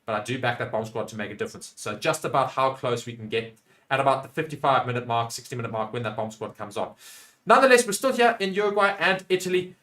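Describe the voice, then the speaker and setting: A young South African man giving live play-by-play rugby commentary, getting louder and excited on attacking plays and dropping low and quiet when reading viewer comments. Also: quick pace. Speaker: watchalong commentator.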